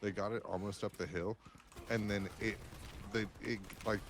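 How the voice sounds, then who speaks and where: A man's voice: fairly low pitch, steady tone, normal speed, background noise. A young man chatting casually while playing a video game, swearing often and telling a story with lots of laughter. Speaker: gameplay streamer. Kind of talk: casual chat while gaming.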